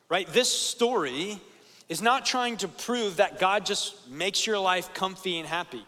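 A man's voice: sits high, a little slow, pushed and bright, in a large hall. A young man preaching a sermon to students, earnest and conversational, often checking in with "right?".

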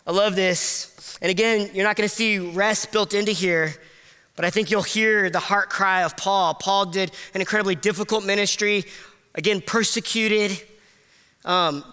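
Impassioned high-voiced preacher in a hall. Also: male voice, smooth. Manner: impassioned, climbing high and loud at emotional peaks, dropping soft and low; casual, self-deprecating asides with fillers. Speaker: pastor. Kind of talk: sermon.

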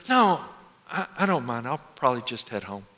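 A man plays a meek ten-year-old boy, soft and hesitant, stumbling over his first words. The voice is hushed and low. The long reverb of a hall surrounds it. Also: big pitch swings, normal speed. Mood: hurt. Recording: echoey hall.

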